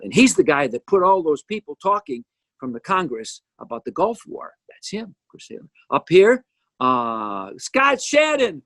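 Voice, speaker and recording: A lively older man talks through his music video in a casual, joking way. His voice sits a little high for a man and jumps around a lot. The sound is close and dry, with almost no room in it. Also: no echo. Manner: jokey, animated, teasing asides. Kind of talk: casual commentary. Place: home.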